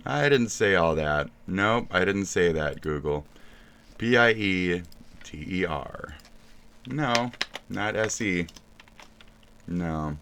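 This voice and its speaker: A man's voice: deep voice, noisy background. A man streaming live, ranting and mocking with crude swearing in casual reaction talk.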